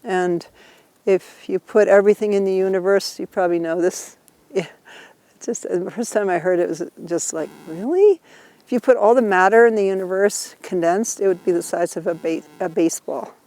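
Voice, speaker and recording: With a medium-pitched, slightly fast voice and a dark tone, a woman leads a Buddhist tour, teaching informally while walking outdoors with a group. She explains ideas patiently and laughs frequently. There's no room sound.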